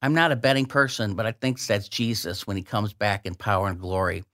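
A man speaking as a guest on a radio talk show, reading and explaining scripture verses with slow, emphatic delivery. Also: on the low side, fairly even intonation, fairly bright tone.

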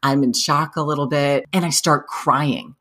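A woman in her thirties telling a funny personal story in casual chat, animated and self-mocking, laughing often. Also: low voice, measured pace.

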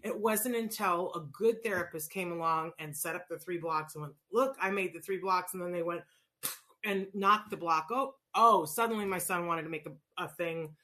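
Middle-aged woman chatting, lowish voice but bright, acts out little voices in her stories. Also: moderate pace. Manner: animated, acts out voices in anecdotes. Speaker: parent educator on autism. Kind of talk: casual storytelling talk.

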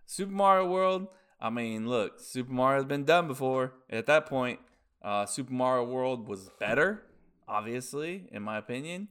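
A man's voice: medium pitch, lively intonation, moderate pace, fairly bright tone, smooth. A man co-hosting a casual podcast, laid-back and hesitant as he weighs his opinions. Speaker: podcast co-host.

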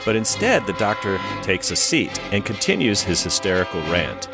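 A man's voice: on the low side, very animated, normal speed, music in the background. A man co-hosting a podcast who narrates an episode recap with dramatic storytelling. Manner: dramatic, storytelling, acts out dialogue. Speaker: podcast co-host.

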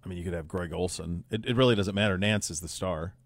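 A man's voice: deep voice, fast, no echo. Male podcast host, rambling casual sports chat, dry mic. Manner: chatty, rambling with restarts.

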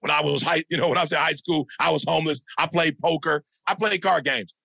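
A middle-aged man speaks as a motivational speaker on a podcast, with a high voice and a gravelly, sharp edge. He tells his stories emphatically, like a preacher, hammering home phrases by repeating them. The sound is close and dry. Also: fast talker, no echo. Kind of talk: animated storytelling in a podcast interview.

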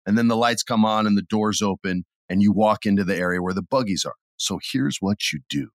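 A middle-aged man with a fairly low voice tells stories on a podcast, relaxed and chatty, then suddenly acts out the scene with loud bursts. His voice sounds close and dry, with no room around it. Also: brisk, no echo. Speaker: podcast co-host. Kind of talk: casual chat.

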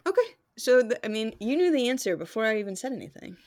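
A woman's voice: a little high, sing-song, quick pace, darkish tone. A young woman co-hosting a podcast in casual chat, playful and rambling with lots of fillers. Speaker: podcast co-host.

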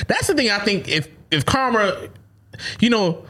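A man's voice: high voice, sing-song, fast talker, fairly bright tone. A young man co-hosting a casual podcast, telling stories in loose slang with a playful tone. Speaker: podcast co-host. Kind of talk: casual chat.

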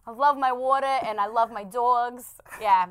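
Woman from the Bronx, podcast co-host, smooth clear voice, animated banter, quick to laugh. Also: a little high, no room sound. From the Bronx, New York. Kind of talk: casual chat.

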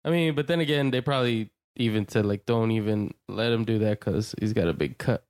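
Relaxed podcast co-host, hesitant. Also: medium pitch, a little fast, no echo. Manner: relaxed, hesitant, many ums. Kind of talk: casual chat.

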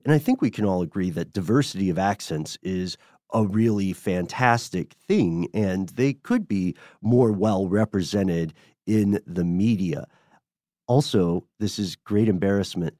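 A low-voiced, unhurried man from the US South co-hosts a podcast, casually reading listener letters aloud and chatting between them. He sounds relaxed and chuckles as he reads. The recording is studio quality with no room sound.

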